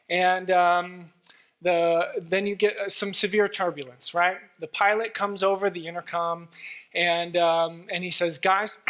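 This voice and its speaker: A man's voice: sits high, a bit bright. A man giving a sermon as guest preacher in a church, earnest and conversational, with frequent fillers.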